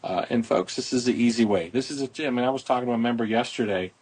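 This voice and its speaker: Husky-voiced man chatting outdoors on a phone. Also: medium pitch, quick pace, a little mellow. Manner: rambling, folksy promotional chatter. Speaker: podcast host, boat club owner. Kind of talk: casual podcast chat.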